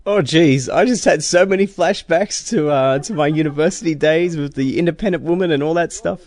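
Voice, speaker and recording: A man's voice: on the high side, fairly quick, darkish tone, no room sound. A man hosting a sports podcast, talking in a rambling, emphatic way. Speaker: podcast host. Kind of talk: casual sports podcast chat.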